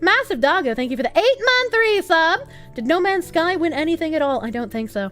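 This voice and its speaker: A woman's voice: very high-pitched, big pitch swings, fairly quick, a bit bright, soft background music. A woman livestreamer chatting casually and thanking viewers for donations, crude and joking, swearing freely. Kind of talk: casual stream chat, reading out donations.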